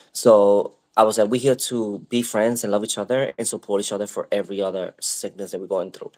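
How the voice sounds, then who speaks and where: Man, casual co-host; low, loose, filler-heavy storyteller. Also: a little fast, few pauses. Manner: rambling, animated retelling with many fillers.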